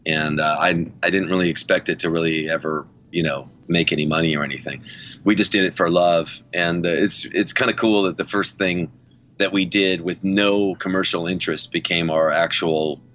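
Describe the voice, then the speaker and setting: A man's voice: deep voice, steady tone, normal speed, a bit bright, dull audio, slight background noise. A middle-aged man from the United States, a musician guest on a podcast, telling long, rambling stories and laughing often. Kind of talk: casual podcast interview.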